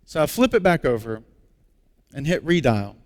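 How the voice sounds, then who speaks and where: A male pastor preaching a sermon. He tells a personal story with animated energy, then turns hushed and earnest. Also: a little high, moderate pace. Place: large church auditorium. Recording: long reverb of a large hall.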